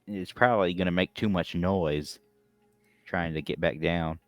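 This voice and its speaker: A man's voice: sits low, a little slow, no echo, soft background music. A man playing a tabletop game, chatting casually and partly speaking in character. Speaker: player.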